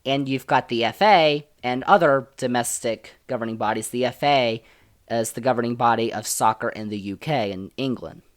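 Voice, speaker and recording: A man hosts a solo sports podcast, talking through the news in an opinionated way. He is emphatic, jumping between loud and soft. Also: mid-range voice, normal speed. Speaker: podcast host.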